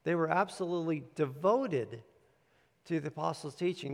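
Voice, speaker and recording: A man's voice: on the high side, normal speed, creaky. A man preaching a sermon with handouts, emphatic and repetitive, telling listeners to underline words. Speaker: pastor. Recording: long hall reverb.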